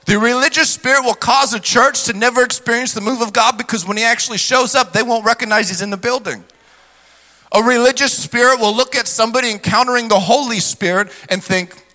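A man's voice: high-pitched, sharp tone. A male pastor preaching a sermon energetically, mimicking skeptics in mocking voices. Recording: long hall reverb.

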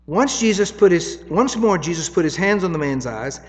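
Man preaching, chatty teacher vibe, kinda high voice, big echoey hall. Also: expressive, fairly quick, few pauses. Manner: conversational teaching, tags points with "right?". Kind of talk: sermon.

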